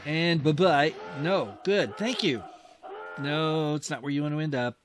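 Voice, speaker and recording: A man narrating his strategy war game in a casual, thinking-aloud way, with excitable exclamations and old-fashioned mild oaths. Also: a little high, unhurried, soft background music. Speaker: gaming host.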